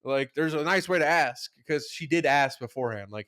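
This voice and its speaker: A man's voice: medium pitch, animated, brisk, few pauses, fairly bright tone. A young man co-hosting a podcast, telling a story in casual chat, rambling with lots of "like", swearing and acting out quotes. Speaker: podcast co-host.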